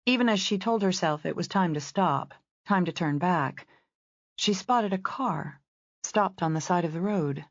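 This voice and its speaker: A woman narrating a romance novel as an audiobook in a steady, descriptive reading. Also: lowish voice, a little slow, dry recording, lo-fi sound.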